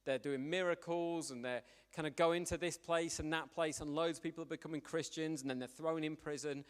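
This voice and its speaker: A man preaching a sermon in a church, in a conversational, animated storytelling manner. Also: a little high, fairly quick, clear, resonant tone. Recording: long church reverb.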